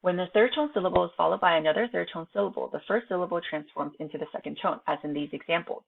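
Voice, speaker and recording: In this recorded online class, a fast-talking woman teacher whose native language is Chinese reads from the textbook and then shifts into relaxed conversation with students, repeatedly checking in with "right?" Her voice is low with a gravelly edge. The home audio sounds thin and phone-like.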